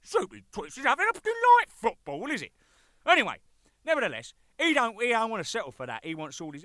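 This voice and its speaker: A man's voice: sits high, huge pitch swings, fast talker, pushed and bright, no echo, clean studio sound. Cheeky, swearing Englishman rambling on. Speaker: band drummer presenting a record. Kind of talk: jokey rambling monologue.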